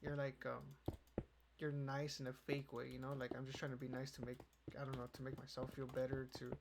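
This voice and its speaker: A man's voice: mid-range voice, monotone, brisk, vocal fry. A young man hosting a casual podcast, rambling and swearing, with "you know" in nearly every line. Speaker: podcast host. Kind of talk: casual chat. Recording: keyboard clicks and noise behind.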